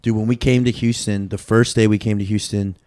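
A young man from Chicago telling stories in a relaxed, slangy chat full of fillers. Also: lowish voice, brisk. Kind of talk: casual chat.

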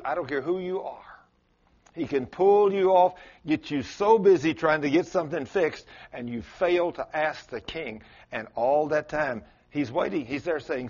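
A male pastor preaching a sermon, telling a story with sudden rises and drops in his voice. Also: normal speed. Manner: storytelling with dramatic swings in pitch and loudness. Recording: muffled lo-fi sermon recording.

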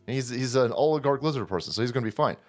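A man's voice: mid-range voice, lively intonation, rapid-fire, soft background music. A man hosting a profane political rant, sarcastic and combative in manner. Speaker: political commentary host.

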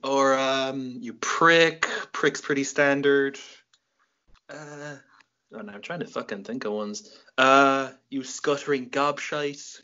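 A man's voice: medium pitch, fairly even intonation, slow, sharp tone, clean tone, lo-fi sound. A young man with an Irish accent hosting a casual interview, rambling and joking, with a lot of swearing. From Ireland. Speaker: podcast host.

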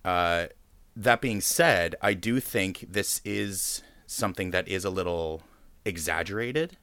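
A man with a deep, resonant voice leads a casual talk in a dry, close-miked sound. He speaks thoughtfully, pausing often and circling back as he builds his point. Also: fairly bright tone, clean tone, dry recording. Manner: thoughtful, hesitant with many fillers. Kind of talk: casual discussion.

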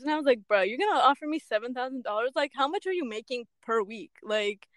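A young woman co-hosting a podcast, telling a story in casual chat, animated and full of "like" and "bruh". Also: a little high, fast talker, few pauses, dry recording, studio quality. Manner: animated storyteller, heavy use of "like" and "bruh", acts out quotes. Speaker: podcast co-host.

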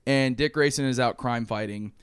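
Animated young man retelling a movie. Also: mid-range voice, normal speed, clean tone, no room sound, studio quality. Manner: animated storytelling, acting out characters' lines, frequent swearing and laughs. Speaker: podcast co-host. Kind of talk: casual chat retelling a movie plot.

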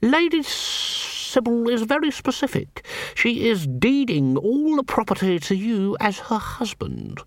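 A man voicing an old-fashioned male lawyer who drones on slowly in a raised, reedy voice. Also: very high-pitched, huge pitch swings, no echo, pitched above the performer's own voice, exaggerated voice. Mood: droning. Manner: slow, droning, reedy.

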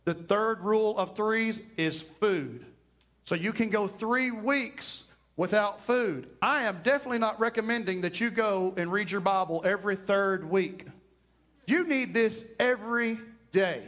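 A pastor delivers a sermon in a fairly high, lively male voice. He speeds up and slows down as he preaches, leaning on repeated phrases. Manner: animated preaching, varies pace widely.

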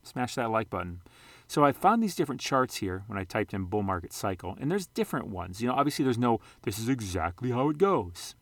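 Low-voiced man, casual rambling vlogger. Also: big pitch swings, fast talker, a bit bright, no room sound. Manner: rambling, self-correcting, jokey. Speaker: sports card and investing vlogger. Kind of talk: casual screen-share commentary.

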